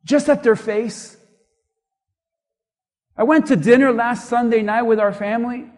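A male pastor preaching a sermon, impassioned and emphatic, dropping to hushed tones at times, in a large church hall. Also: very high-pitched, unhurried. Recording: long reverb of a large hall.

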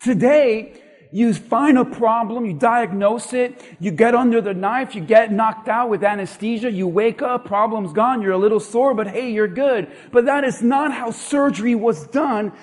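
A man's voice: extremely high pitch, normal speed, long reverb tail. A male pastor preaching a sermon, putting rhetorical questions to his congregation and building in intensity.

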